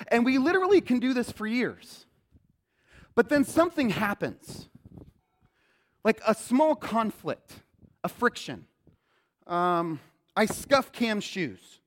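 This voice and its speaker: A man preaching a sermon as pastor, animated and acting out quoted lines in a loud voice. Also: high voice, a little slow, long pauses, slight background noise. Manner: animated, acts out quotes loudly. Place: church sanctuary. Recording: long hall reverb.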